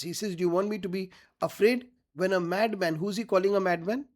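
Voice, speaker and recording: A man's voice: sits high, steady tone, a little fast. A man teaching a literature lesson, reading each quoted line and then paraphrasing it plainly, often checking whether his students follow.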